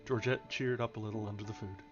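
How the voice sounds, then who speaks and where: Reading a novel on a livestream, this man speaks at a quick pace in a fairly low voice with fairly even intonation. He occasionally trips over foreign names and fixes them, over faint music in a dull lo-fi recording.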